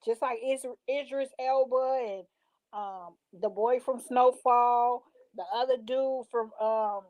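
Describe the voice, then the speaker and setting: A woman's voice: a little high, steady tone, takes it slowly, a little mellow, low-quality recording. A woman in casual vlog chat, reading out show titles and reacting with slangy asides. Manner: chatty, reads titles aloud, slangy asides. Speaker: vlogger reacting to show picks.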